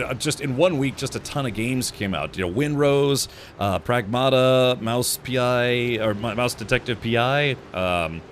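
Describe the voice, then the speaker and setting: A man hosting a casual gameplay livestream, chatting in a lively way with quick asides as he plays. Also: lowish voice, a little hiss or hum. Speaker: streamer. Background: game music.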